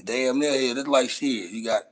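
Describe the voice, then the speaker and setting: A man's voice: mid-range voice, moderate pace. A man with a Los Angeles accent hosting a casual live-stream chat, teasing his viewers in brash, profane banter. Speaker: host.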